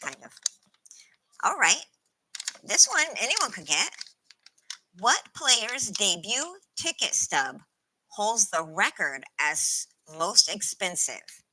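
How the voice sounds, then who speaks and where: A woman's voice: mid-range voice, big pitch swings, takes it slowly, long pauses, sharp tone, husky, rough recording. A woman hosting a casual trivia stream, playful and laughing often as she reads out chat.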